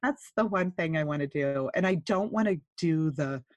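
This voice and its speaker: Casting: enthusiastic chat-show host, mid-pitched voice, quick laughs, dry close-mic sound. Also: no echo. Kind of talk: casual chat.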